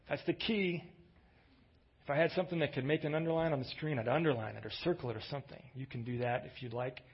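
Guy preaching a sermon, chatty storytelling, bit husky, kinda muffled recording. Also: mid-range voice, fast talker. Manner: conversational, relaxed storytelling with emphatic lifts. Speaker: pastor.

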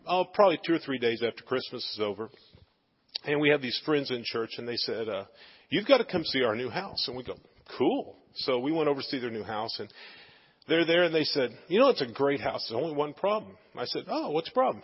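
Guy preaching a story, kinda husky, echoey church hall, lo-fi sound. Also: fairly high pitch. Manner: animated anecdotal, many fillers. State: tearful. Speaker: preacher sharing a testimony. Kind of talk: sermon storytelling. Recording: dull sound in a reverberant hall.

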